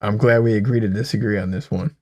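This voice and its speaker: Profane, animated young man, dry mic. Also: lowish voice, fast talker, no echo. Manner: profane, laughs a lot, animated retellings. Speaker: podcast co-host. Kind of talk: casual banter.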